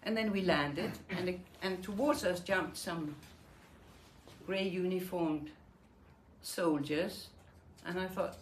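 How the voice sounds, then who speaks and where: Older woman, from Denmark, lowish voice, vivid storyteller, echoey hall, faint hiss. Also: takes it slowly. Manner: vivid storytelling, acts out quoted dialogue. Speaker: Holocaust survivor giving a talk. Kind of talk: personal memoir talk. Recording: echoey room with faint noise.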